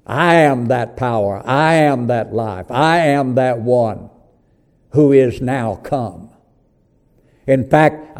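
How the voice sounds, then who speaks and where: A man delivers a sermon at an unhurried, deliberate pace. His voice is mellow and dark. He swells into loud proclamations and sinks to hushed words. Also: mid-range voice. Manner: slow, emphatic preaching with swells and drops in volume; calls listeners "hon". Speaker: preacher.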